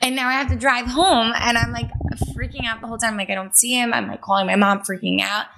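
A young woman co-hosting a casual podcast, her voice bright and clear. She tells her stories with animated energy and jumps into the voices of her past panicked self. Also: a little high, fast talker, a little hiss or hum. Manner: animated storyteller, acts out her own panic. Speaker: podcast co-host. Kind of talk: casual chat.

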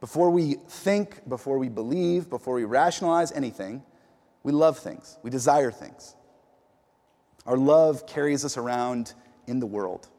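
A man who is a pastor, preaching a sermon in a relaxed, conversational way and telling stories with casual fillers and repeated words. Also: mid-range voice, a little slow. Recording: long hall reverb.

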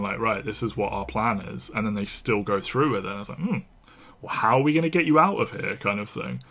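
A man's voice: on the low side, fairly bright tone. A man co-hosting a podcast, chatting casually about a film, laughing often and acting out the characters' lines. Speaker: podcast co-host.

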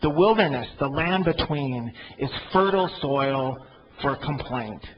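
A man preaching a sermon in an animated way, swinging between loud emphatic peaks and quiet asides. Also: medium pitch, a little slow, muffled recording, a little hiss or hum. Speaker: pastor.

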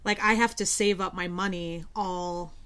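A woman's voice: lowish voice, fairly even intonation, measured pace, a bit bright, smooth. A young woman who teaches at a community college, co-hosting a podcast and telling candid stories in casual chat. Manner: candid storyteller, lots of fillers and quoted dialogue.

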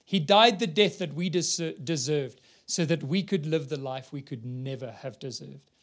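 A man's voice: on the high side, moderate pace. A man preaching a sermon, earnestly reading scripture aloud and building to emphatic peaks.

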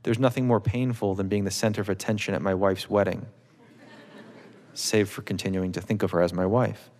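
A man reading from his own novel to a live audience in a measured, wry literary manner. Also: fairly low pitch, fairly even intonation, darkish tone. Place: auditorium stage. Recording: long reverb of a large hall.

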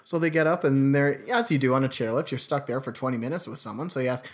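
A man's voice: mid-range voice, fast. A man co-hosting a casual comedy podcast, telling stories with a playful manner and slipping into put-on accents. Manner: storytelling, playful, puts on accents. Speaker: podcast co-host.

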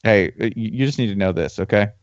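A man's voice: fairly low pitch, fast talker, no echo. A man co-hosting a casual sports podcast, joking and talking emphatically. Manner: jokey, emphatic. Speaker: podcast co-host. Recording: slightly dull lo-fi mic.

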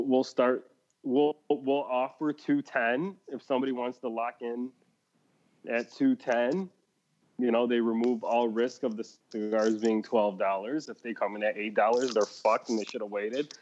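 A man's voice: mid-range voice, a little slow, darkish tone, dull audio. A man co-hosting a casual podcast, rambling with restarts and laughing often. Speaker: podcast co-host. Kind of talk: casual chat.

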